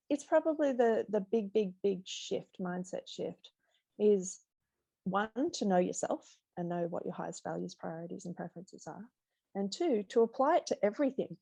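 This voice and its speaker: A middle-aged woman, a business mentor, talking as a guest on a podcast and telling lively stories. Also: mid-range voice, vocal fry. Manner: animated storyteller, acts out voices in anecdotes. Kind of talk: conversational podcast interview.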